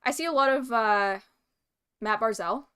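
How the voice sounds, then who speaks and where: A young woman from British Columbia talks casually as a guest, rambling with plenty of fillers. Her voice sits a little high and has a bright, crisp edge. Her tone is smooth and clear. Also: normal speed. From British Columbia, Canada. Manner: chatty, rambling with many fillers and laughs. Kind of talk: casual chat.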